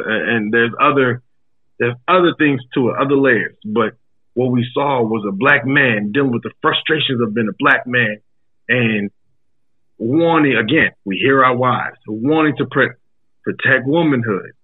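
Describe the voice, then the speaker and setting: A man's voice: medium pitch, normal speed, husky. A man, a comedian and guest on a podcast, speaking earnestly and often stumbling and repeating his words. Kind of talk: casual chat. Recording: tinny phone-like line.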